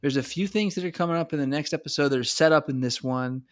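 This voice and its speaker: A man's voice: on the high side, fast, no echo, clean studio sound. A young man co-hosting a podcast in casual chat, rambling with lots of fillers and laughing easily. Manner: rambling, full of "like" and "you know", laughs easily. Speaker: podcast co-host.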